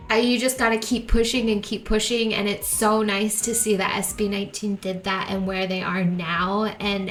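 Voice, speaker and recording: A woman's voice: medium pitch, sharp tone. Young woman emotionally reacting to a video. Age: young adult. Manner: emotional, rambling, stumbles over words. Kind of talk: casual reaction commentary.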